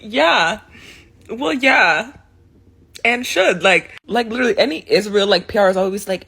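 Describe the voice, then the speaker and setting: A woman's voice: mid-range voice, expressive, normal speed, creaky, fairly bright tone, husky. A young woman giving blunt, sarcastic opinions in a casual monologue, swearing freely. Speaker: video commentator.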